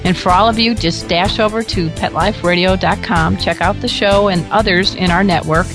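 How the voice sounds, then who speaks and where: A woman's voice: fairly low pitch, moderate pace, music in the background. A woman hosting a pet radio show, chatting in a bubbly, jokey way and laughing often. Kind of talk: casual radio interview.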